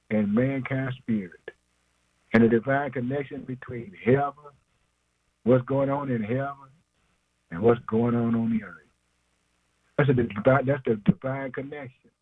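A man's voice: medium pitch, breathy edge, dry recording, narrow, tinny audio. A man preaching an informal sermon, emphatic and slangy, asking questions and answering them himself, chuckling often.

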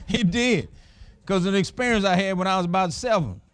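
A middle-aged man preaching a sermon, telling folksy stories in an animated way. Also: sits high, moderate pace, smooth.

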